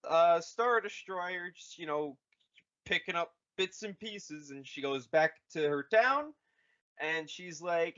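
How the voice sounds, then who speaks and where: A man on a podcast casually retelling a movie plot, rambling with lots of fillers and quick mock voices for the characters. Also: on the high side, expressive, sharp tone, dull audio. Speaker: podcast co-host retelling a film. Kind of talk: casual comedic recap.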